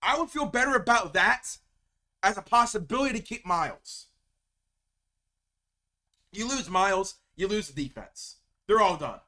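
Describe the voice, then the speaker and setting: A man vents to camera about his team in a heated fan rant, often stumbling over and repeating his words. His voice sits high and swings widely in pitch. The tone is bright and sharp. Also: animated, moderate pace, pauses often. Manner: heated, venting, repeats words when upset. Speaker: sports video creator.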